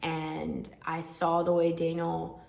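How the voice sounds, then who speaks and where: A woman's voice: sits low, monotone, slow pace, gravelly, darkish tone, reverberant. A young woman vlogger telling her own story to camera in a frank, emotional, chatty way with many asides. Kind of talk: candid personal storytelling to camera.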